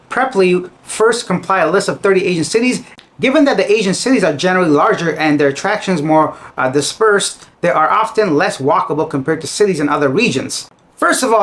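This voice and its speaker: Male host, high-pitched, casual commentary, chatty and opinionated. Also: fairly bright tone. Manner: chatty, reads items then adds opinions. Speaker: news commentary vlogger.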